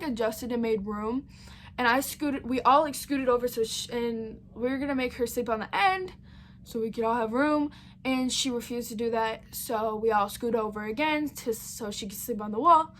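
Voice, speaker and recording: A woman's voice: fairly high pitch, fairly bright tone, slight background noise. A woman vlogger telling a story in a casual, rambling way, full of fillers and blunt swearing.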